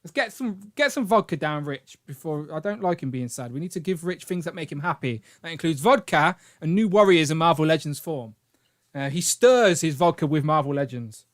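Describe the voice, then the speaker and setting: A man's voice: fairly high pitch, animated, fairly quick. A man in his thirties hosting a casual live stream, joking and rambling and laughing often. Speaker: co-host of toy collecting live stream.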